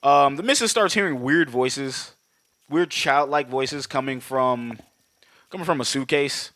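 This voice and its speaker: A man co-hosting a podcast, rambling and swearing as he recaps a movie and acts out its characters in quick bits. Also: medium pitch, fairly bright tone, no room sound. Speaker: podcast co-host. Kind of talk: casual movie recap chat.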